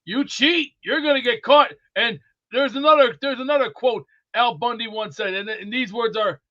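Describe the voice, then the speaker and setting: A man's voice: very high voice, normal speed, sharp tone. A man hosting a live sports talk show, rambling and boisterous, full of movie quotes. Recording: dull lo-fi audio.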